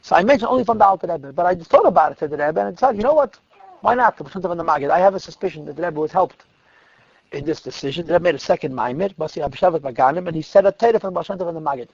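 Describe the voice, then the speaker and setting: A man, a rabbi, telling stories in a lecture, lively in the telling and dropping to quiet asides. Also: a little high, very fast, slightly rough, dry recording, dull audio. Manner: animated retelling that drops to quiet asides. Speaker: rabbi teaching a class. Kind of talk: storytelling lecture.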